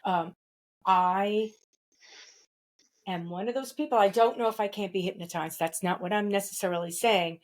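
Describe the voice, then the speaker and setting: A woman's voice: medium pitch, normal speed, pauses often, poor audio. Chatty, rambling woman podcast host. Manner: chatty and rambling, laughs often. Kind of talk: casual conversational interview.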